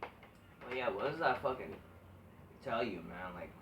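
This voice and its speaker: A man's voice: medium pitch, expressive, unhurried, background noise. Profane, exasperated man ranting in an echoey room. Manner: profane, rambling and exasperated, with many restarts. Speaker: wrestling commentary vlogger. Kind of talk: casual rant. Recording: echoey room from far off the mic.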